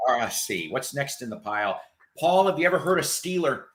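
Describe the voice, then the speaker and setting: A man's voice: medium pitch, sing-song, fairly quick, a bit bright, a little hiss or hum. A man hosting a casual chat show, rambling enthusiastically about old records and bands and swearing now and then. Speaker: host.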